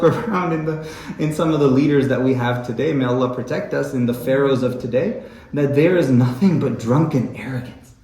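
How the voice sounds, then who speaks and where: A man's voice: mid-range voice, fairly quick, dark tone. Impassioned male lecturer, roomy echo. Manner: impassioned, tag questions "right?". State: emotional, clearing throat. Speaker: lecturer on poetry. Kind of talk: religious study lecture.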